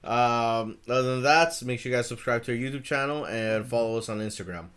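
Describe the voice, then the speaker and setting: A man co-hosts a relaxed podcast over a video call, his voice sitting at an ordinary middle pitch. He talks in a loose, excitable way, with frequent swearing and easy laughter. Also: brisk. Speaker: podcast co-host. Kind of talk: casual podcast chat.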